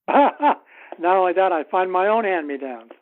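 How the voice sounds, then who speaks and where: A man as an author guest in a casual interview, telling anecdotes in an unhurried, wry way. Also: high-pitched, expressive. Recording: tinny phone-like line.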